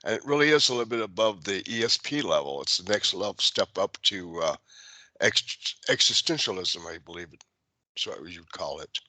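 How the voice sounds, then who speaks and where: A male radio host with a lowish but bright, forceful voice, speaking in a calm and reflective way. The sound is dry, with no room echo. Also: normal speed. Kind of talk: casual radio chat.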